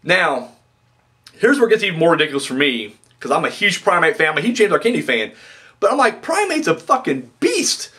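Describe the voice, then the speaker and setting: Excitable, rambling man reviewing wrestling. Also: on the high side, a little fast. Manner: excitable, rambling, profane, swings from mutter to outburst. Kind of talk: casual review monologue.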